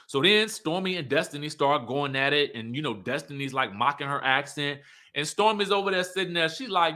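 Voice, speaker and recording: Guy doing a chatty show recap, bright voice a bit on the high side, lots of questions. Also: normal speed. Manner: animated, chatty, rhetorical questions. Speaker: reality TV recap host. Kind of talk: casual recap commentary.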